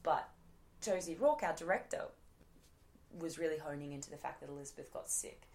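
This Australian woman in her thirties, appearing as an actress guest in an interview, speaks a little fast in a deep, creaky, darkish voice. Her casual chat is peppered with fillers and restarts.

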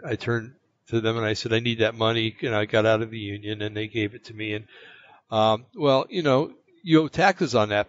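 A man from the United States telling a personal story in casual chat, rambling and halting, with many fillers and restarts. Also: medium pitch, dry recording. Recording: dull lo-fi, dry sound.

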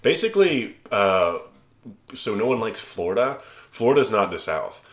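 Deep-voiced guy, rambling and swearing. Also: big pitch swings, normal speed. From Alabama. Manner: swears a lot, rambling with many fillers. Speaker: podcast guest. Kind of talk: casual chat.

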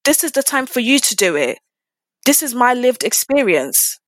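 A woman's voice: a little high, sing-song, fairly bright tone, dry recording. A woman in casual discussion, talking with passion and piling up rhetorical questions. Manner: impassioned, rapid rhetorical questions.

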